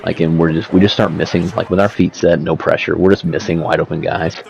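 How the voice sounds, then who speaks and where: A gaming video creator sits at his home setup, rambling casually over his gameplay in loose slang and swearing freely. His voice is low and brisk with vocal fry and little pitch movement, picked up by a slightly dull lo-fi mic.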